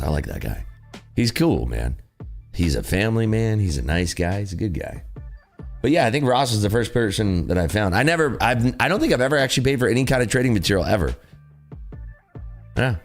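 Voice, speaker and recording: A man with a low voice hosts a day-trading livestream, swearing and laughing as he talks straight to his viewers. His pitch swings widely as he leans into stories, and faint music plays behind him. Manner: blunt, profane, laughing, animated. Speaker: livestream host, day trader. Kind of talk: casual livestream chat.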